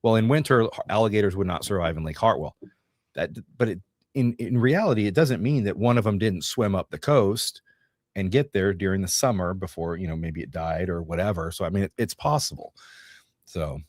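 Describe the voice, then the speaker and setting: A middle-aged man from Northeast Georgia, US, co-hosts a casual livestream, rambling and joking as he reads from notes and viewer comments. His voice is low and fairly quick, captured in studio quality with no echo.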